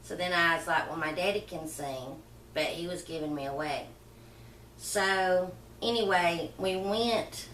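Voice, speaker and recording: A middle-aged woman, rambling softly through an emotional personal story for her channel. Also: low voice, a little hiss or hum. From Southern United States. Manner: rambling, soft-spoken, emotional reminiscing. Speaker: vlogger. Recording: roomy and far from the mic.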